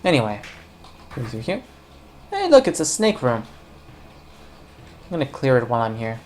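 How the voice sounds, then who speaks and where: A woman's voice: extremely low pitch, sing-song, moderate pace, darkish tone, a little hiss or hum. A woman casually commenting on a puzzle game as she plays, rambling and joking, talking to the viewers and the game characters. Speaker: let's play commentator.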